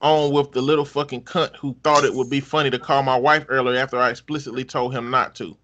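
A man's voice: medium pitch, fairly even intonation, quick pace, fairly bright tone, muffled recording, lightly acted. Abusive angry caller, sneering and crude, read out by a man. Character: furious rude adult man on the phone.

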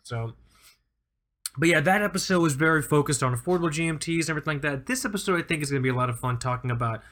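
A man co-hosting a podcast in a loose, chatty way, with a slightly high voice. He talks with energy, jokes around and laughs often. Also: animated, very fast, fairly bright tone. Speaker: podcast co-host. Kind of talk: casual podcast chat.

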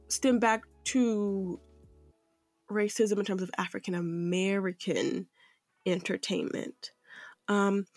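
A woman's voice: mid-range voice, dry recording. A woman co-host on a casual podcast roundtable, recorded close and dry. She questions things in a critical, rhetorical way, with faint music underneath.

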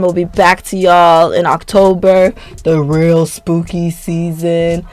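A young adult woman, a podcast host and teacher, talking in a chatty, laughing, sentimental way. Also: mid-range voice. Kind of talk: casual podcast sign-off.

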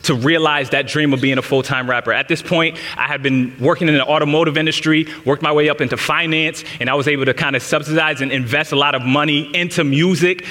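A man in his thirties preaches, his fairly high voice bright and forceful. He tells a candid personal story and speaks straight to his listeners, while a long reverb hangs in the large hall. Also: steady tone, fast, hardly any pauses. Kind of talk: sermon told as personal story.

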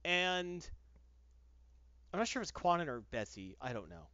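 A man's voice: a little high, big pitch swings, normal speed, bright, forceful tone, no echo, lo-fi sound. A man reviewing a comic book in casual podcast chat, with sarcastic, exasperated ranting.

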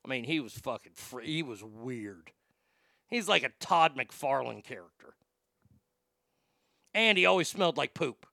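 A man around forty, a podcast host, telling blunt, profane stories in a casual and animated way. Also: medium pitch, unhurried, gravelly, pauses often, dry recording, clean studio sound. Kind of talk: casual storytelling chat.

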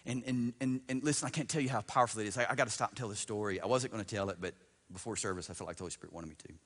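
A man in his fifties, a pastor preaching a sermon, swinging between loud emphatic bursts and hushed storytelling and repeating words as he builds up. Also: on the low side, rapid-fire, slight background noise. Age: 50s. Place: church sanctuary. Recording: long church-hall reverb.

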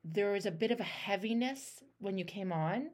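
A woman's voice: mid-range voice, lively intonation, moderate pace, darkish tone. A woman hosting a one-on-one coaching call, talking emphatically and acting out the voices in people's heads, with casual swearing. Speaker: life coach and show host.

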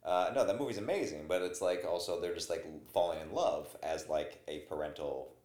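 A man's voice: low voice, darkish tone. A man hosting a podcast, trading teasing banter with his guest in a casual chat. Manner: teasing, quick back-and-forth banter. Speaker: podcast host. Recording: roomy echoey room.

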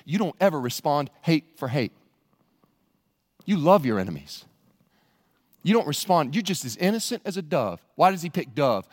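A man preaching a sermon as a pastor, animated and jokey, now and then bursting into loud shouts. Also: on the high side, in a large hall. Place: church sanctuary.

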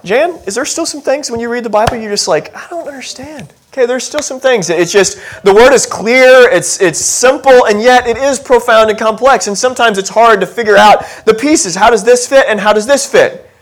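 A man's voice: extremely high pitch, normal speed, few pauses. A male pastor giving a conversational sermon, chatty and self-deprecating, asking the congregation questions. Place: church sanctuary.

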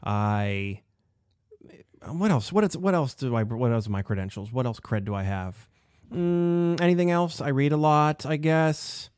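A middle-aged man hosts a casual podcast, rambling and poking fun at himself. His voice sits at a medium pitch and sounds close and dry, with nothing around it. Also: expressive, measured pace, darkish tone, smooth, dry recording. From Pittsburgh area, USA. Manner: rambling, self-deprecating, trails off with fillers. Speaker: podcast host.

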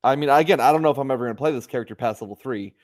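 A man's voice: medium pitch, rapid-fire. Laid-back rambling podcast co-host, man. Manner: relaxed, rambling, restarts often. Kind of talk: casual chat.

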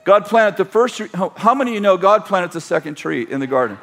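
A male pastor with a notably high voice, delivering a sermon in a loose, rambling way. He trips over his own phrases and restarts them. He also prompts the congregation to repeat key words back to him. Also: animated, quick pace, creaky, fairly bright tone. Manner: rambling, self-correcting, leads the congregation in call-and-response.

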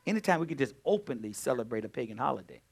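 A man preaching a sermon as pastor, swinging between quiet talk and loud, urgent emphasis. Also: medium pitch, sing-song, very fast, gravelly.

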